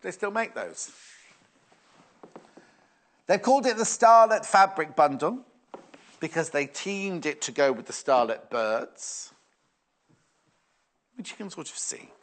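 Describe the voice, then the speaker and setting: Lively-voiced man selling fabric. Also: on the high side, slow pace, long pauses. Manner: chatty, musing aloud, reading viewer messages. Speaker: shopping channel presenter. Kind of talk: live sales demonstration.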